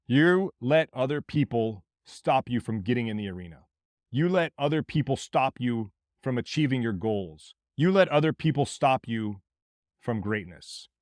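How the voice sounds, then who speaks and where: A man from Mississippi with a Southern accent, hosting a podcast as a blunt, forceful motivational monologue with plenty of swearing. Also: medium pitch, no echo, studio quality. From Mississippi, USA. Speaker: podcast host.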